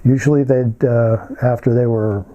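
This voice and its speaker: An older man telling a story in a casual monologue, halting and rambling with many filler pauses. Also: medium pitch, steady tone, warm tone, dull audio.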